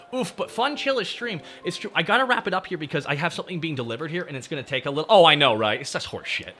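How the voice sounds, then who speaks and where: Animated, profane male streamer ranting. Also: fairly high pitch, quick pace, few pauses. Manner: ranting, profane, talks straight to chat. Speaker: VTuber streamer. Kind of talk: casual livestream chat.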